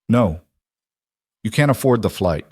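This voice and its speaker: A man playing a calm, watchful crime boss who speaks quietly with a northern Italian accent. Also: lowish voice, measured pace, husky, no room sound, clean studio sound. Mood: cool. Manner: quiet, calm, nearly murmured.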